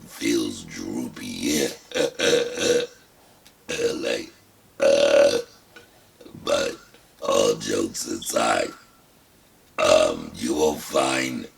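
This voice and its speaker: An older man hosting his own talk show, telling his story with wry self-mockery in a gravelly, rasping voice produced through a throat prosthesis. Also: rumbling low, fairly bright tone. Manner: wry, self-mocking, deliberate. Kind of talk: casual personal storytelling. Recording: distant mic with faint background hiss.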